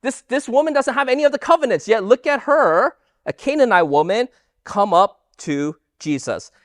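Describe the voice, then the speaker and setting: Animated Bible teacher with lively pitch. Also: moderate pace, dry recording, clean studio sound. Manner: asks the audience rhetorical questions; animated, emphatic delivery. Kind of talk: Bible study lesson.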